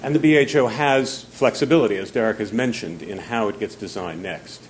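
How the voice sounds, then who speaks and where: A man's voice: fairly low pitch, slight background noise. Breathless apologetic man testifying. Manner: apologetic, hurried, halting with fillers. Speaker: neighborhood association representative. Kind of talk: public comment testimony.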